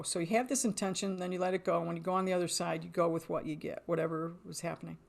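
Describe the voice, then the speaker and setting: A middle-aged woman telling a story about a spiritual experience in casual chat, acting out dialogue and laughing often. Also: on the low side. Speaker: guest.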